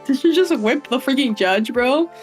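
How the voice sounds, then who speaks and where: A woman's voice: high-pitched, lively intonation, moderate pace, faint music behind. A young woman streaming a video game, chatting casually and giggling at herself. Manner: giggly, chatty, self-mocking. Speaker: VTuber streamer. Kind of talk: casual gaming stream chat.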